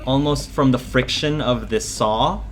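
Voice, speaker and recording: A man narrating a horror scene as game master, slow and hesitant, with frequent fillers. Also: medium pitch, background noise.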